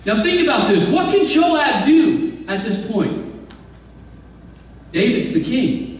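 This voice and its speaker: High-voiced pastor in an echoey church. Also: male voice, big pitch swings, takes it slowly. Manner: conversational storytelling with frequent asides; acts out quoted voices. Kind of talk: sermon. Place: church sanctuary. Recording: echoey hall, distant mic, faint room noise.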